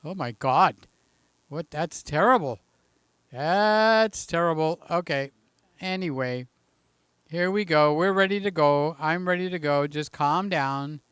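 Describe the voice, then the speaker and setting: A man's voice: on the high side, slow, a bit bright, clear, resonant tone, no echo. A man hosting a casual live stream from home, talking in a chatty, jokey way and reading out the chat, a little out of breath, holding a handheld mic. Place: room in his house.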